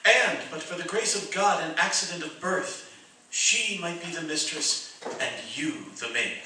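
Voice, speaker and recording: A man's voice: fairly high pitch, unhurried, sharp tone. A man playing Goodwill, an earnest spirit boy. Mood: stern preaching. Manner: earnest, lecturing. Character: Goodwill, a small boy spirit, calm moralizing. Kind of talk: amateur radio drama acting. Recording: roomy echo, distant mic.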